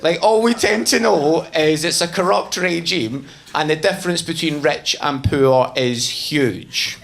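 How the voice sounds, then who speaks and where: A man doing a stand-up routine, telling a self-mocking story in an animated way on a noisy stage recording. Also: a little high, measured pace, creaky. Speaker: stand-up comedian.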